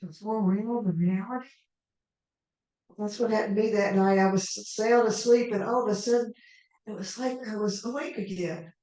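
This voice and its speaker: A woman storyteller telling a tale in the first person as a character, in an unhurried, conversational way with asides to the audience. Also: mid-range voice, steady tone, mellow. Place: live performance venue. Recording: echoey hall, mic far off.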